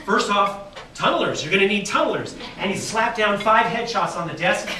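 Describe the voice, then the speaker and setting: High-voiced man telling a playful tale in an echoey hall. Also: moderate pace. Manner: playful, tells an absurd dream tale with deadpan asides. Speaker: keynote speaker. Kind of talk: humorous storytelling speech. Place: banquet hall at an awards dinner. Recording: echoey, distant hall recording with loud noise.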